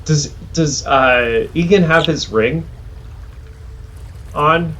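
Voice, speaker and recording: A man's voice: fairly high pitch, drawn-out words, fairly bright tone, a little hiss or hum. A man playing a tabletop game, describing his character's actions in a rambling way full of "like". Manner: rambling, heavy use of "like". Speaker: player.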